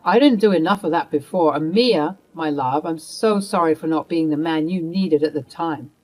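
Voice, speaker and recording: A woman's voice: sits low, moderate pace, rough recording. A woman voicing a young husband who firmly sides with his wife. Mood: resolute. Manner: resolute.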